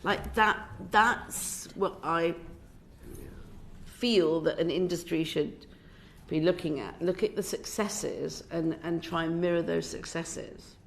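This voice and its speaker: Middle-aged british woman testifying to a committee, passionate, restarts a lot, bit of fry in her voice. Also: on the low side, takes it slowly, a little hiss or hum. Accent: British English. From Britain. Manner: passionate, emphatic, with many restarts. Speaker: film director giving evidence. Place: committee room.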